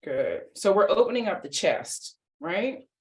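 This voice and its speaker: A middle-aged woman yoga teacher and therapist giving a gentle, encouraging wellness talk over a video call, guiding chair yoga. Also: mid-range voice, very animated. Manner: gentle, encouraging, unhurried speech with soft laughs. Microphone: video call mic.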